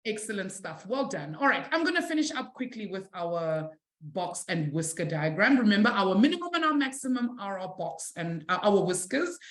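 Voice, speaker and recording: A woman from South Africa teaching a live online maths lesson, encouraging her students warmly and calling them affectionate names. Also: medium pitch, sing-song, moderate pace, reverberant. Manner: warm, encouraging, calls students "my sweetie".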